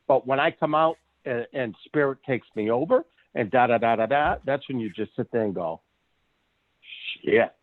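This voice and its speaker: A man's voice: mid-range voice, measured pace, no room sound. A man, a psychic medium, chatting casually as a podcast guest and telling stories with lots of restarts and laughs. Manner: animated storyteller, restarts a lot, laughs often. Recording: tinny phone line, dry.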